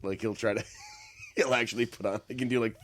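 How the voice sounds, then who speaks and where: A man's voice: mid-range voice, brisk, fairly bright tone, no echo, clean studio sound. A man co-hosting a podcast, talking in a crude, joking way and laughing easily. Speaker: podcast co-host. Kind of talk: casual chat.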